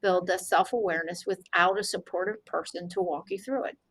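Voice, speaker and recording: A woman's voice: on the low side, steady tone, brisk, fairly bright tone, rough recording. A woman guest on an interview show, an anti-bullying consultant, animatedly recounting conversations with clients. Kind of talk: storytelling in an interview.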